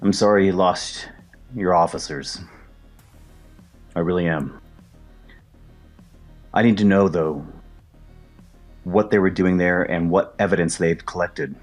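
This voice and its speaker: A man voicing a calm detective who asks measured, probing questions. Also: sits low, faint music behind. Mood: earnest. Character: calm, steady male detective.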